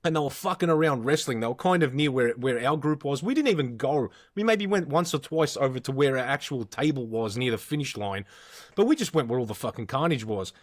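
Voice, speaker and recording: A man's voice: medium pitch, brisk. An Australian man in his thirties, a podcast co-host, telling rowdy stories in casual chat and swearing constantly. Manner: swears constantly, animated storyteller.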